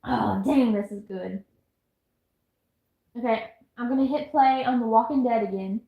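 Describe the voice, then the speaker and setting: A woman's voice: on the high side, measured pace, vocal fry, roomy sound, highs cut off. A woman live-streaming from home, chatting casually and rambling to her viewers and herself. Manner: rambling, giggly, talks to chat and herself. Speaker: livestreamer. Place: at home, indoors.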